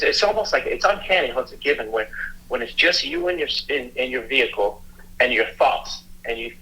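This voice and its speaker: A middle-aged man tells a painful personal story in an earnest, halting way, stopping and restarting his sentences. His voice is bright and forward, and it is of middling pitch. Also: rough recording. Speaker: police officer and youth mentor, guest.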